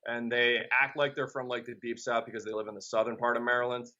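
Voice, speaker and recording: A man's voice: mid-range voice, level tone, quick pace, pushed and bright, muffled recording. A young man hosting a comedy podcast, rambling and self-deprecating as he jokes. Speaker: podcast host. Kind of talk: casual podcast chat.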